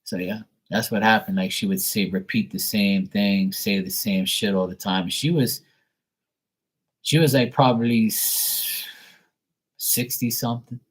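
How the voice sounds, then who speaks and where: Profane rambling storyteller, deep-ish man. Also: fairly even intonation, measured pace, breathy edge. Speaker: tarot reader, show host. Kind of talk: casual storytelling.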